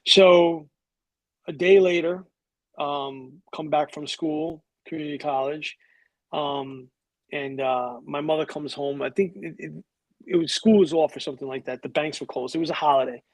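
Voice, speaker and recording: A middle-aged New Yorker, here as a guest in a conversation, tells stories in a slightly high voice at a normal pace with no room sound. He's animated and swears casually, acting out the voices of people he quotes.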